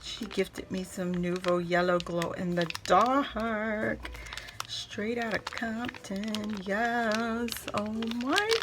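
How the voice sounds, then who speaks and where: Slow-talking, gushing woman vlogger. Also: medium pitch, noisy background. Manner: gushing, excitable, repeats words. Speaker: crafting channel host. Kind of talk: casual unboxing vlog.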